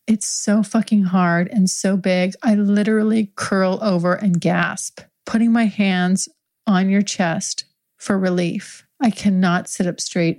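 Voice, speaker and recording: A young adult woman improvising an intimate story in the second person, speaking close and hushed and slipping into whispers now and then. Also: medium pitch, creaky.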